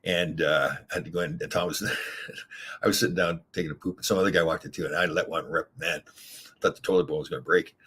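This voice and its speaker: A man's voice: fairly even intonation, fairly quick, fairly bright tone, a little hiss or hum. An older man hosting a casual livestream, rambling candidly through stories and viewer comments, chuckling as he goes. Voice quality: very husky low voice. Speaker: livestream host reading chat.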